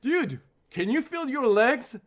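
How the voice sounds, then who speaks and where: A man's voice: very high voice, big pitch swings, voice pushed up, heavily acted. A man doing a drawling prankster buddy. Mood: mock-alarmed. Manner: drawn-out, loud, mock-alarmed. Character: deadpan young male prankster friend.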